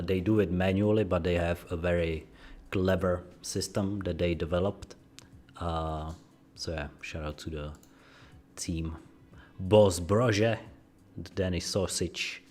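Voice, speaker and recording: Deep-voiced young male co-commentator. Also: darkish tone. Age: young adult. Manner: low-key, brief replies, reads viewer questions. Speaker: co-commentator reading chat. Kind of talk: live stream commentary.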